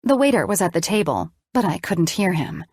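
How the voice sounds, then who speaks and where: Lower-voiced woman reading an audiobook. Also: fairly quick, breathy edge. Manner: expressive, emotional reading. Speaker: audiobook narrator. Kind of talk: scripted first-person narration.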